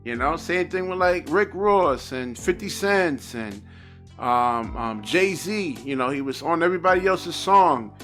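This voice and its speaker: Exasperated man, ranting commentary, slightly high voice, faint music behind. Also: lively intonation, a little slow, a bit bright. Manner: exasperated, repetitive, says 'man' often. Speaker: basketball commentator. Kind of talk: reaction rant on video.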